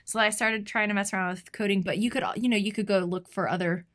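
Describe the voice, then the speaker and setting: Bright-voiced woman telling a story. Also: mid-range voice, fast. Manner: animated, acts out quoted lines. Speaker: podcast co-host. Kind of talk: casual storytelling chat.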